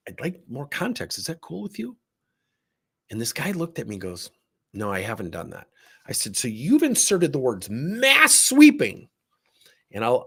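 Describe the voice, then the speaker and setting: Gravelly animated male storyteller. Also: medium pitch. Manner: animated storyteller, acts out both sides of conversations. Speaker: leadership coach. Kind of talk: livestream talk with acted anecdotes.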